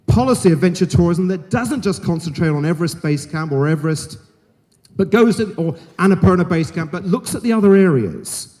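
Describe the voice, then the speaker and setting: A man's voice: high voice, a little mellow. A middle-aged man giving a frank, emphatic keynote speech to a conference audience, joking and speaking bluntly to them. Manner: frank, jokey and emphatic, talks straight to the audience. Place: large conference hall. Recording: hall reverb.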